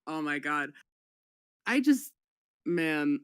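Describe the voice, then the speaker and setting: Excitable, bright-voiced chat guest. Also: mid-range voice, extremely slow, clear, resonant tone, no room sound. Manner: excitable, animated, laughs often. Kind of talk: casual chat.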